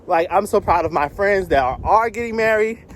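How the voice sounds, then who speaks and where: A young man with a high, light voice films a candid confessional on his phone while he walks to work on a cold, windy street. He talks in a loose, rambling way and laughs often, and faint traffic noise sits under his voice. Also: lively intonation, a little fast. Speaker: vlogger. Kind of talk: casual confessional vlog. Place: outdoors on a cold windy city street, walking. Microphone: phone held at arm's length.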